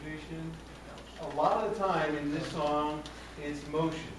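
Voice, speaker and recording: A man with a slightly raised voice explains phrasing to a choir and puts quick questions to the singers. He is heard from across a very echoey room. Loud background noise sits under his voice. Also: fairly high pitch, steady tone. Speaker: choir coach. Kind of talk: rehearsal coaching. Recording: echoey room from far off, noisy.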